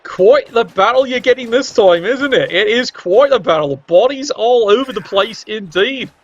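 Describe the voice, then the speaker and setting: High-voiced man commentating a game. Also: expressive, moderate pace. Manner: cheeky, wry asides, swears casually. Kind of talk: playful video game match commentary. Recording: dull lo-fi sound.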